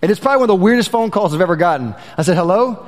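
A man's voice: sits high, animated, very fast, long reverb tail. A male preacher telling a personal story in a folksy way, calling the congregation y'all, then moving into a sermon.

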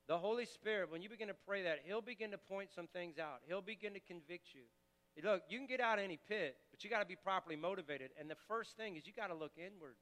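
A male pastor preaching with passion, bright and forceful, high in pitch for a man. He talks in a conversational way and often restarts his sentences. His voice rings through a church with a long reverb. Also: fast talker. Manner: impassioned, conversational, with repeated restarts. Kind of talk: sermon. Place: church sanctuary.

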